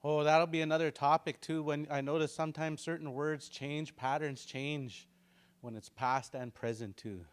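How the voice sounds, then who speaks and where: A middle-aged man teaching a relaxed language class, joking and repeating words slowly for practice. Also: on the high side, clear, resonant tone. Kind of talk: casual online language lesson.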